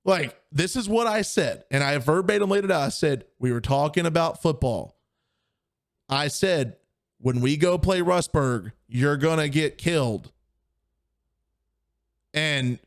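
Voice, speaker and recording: Animated man telling a story. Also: on the high side. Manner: animated storyteller acting out quoted voices. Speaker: podcast co-host. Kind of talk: casual storytelling chat.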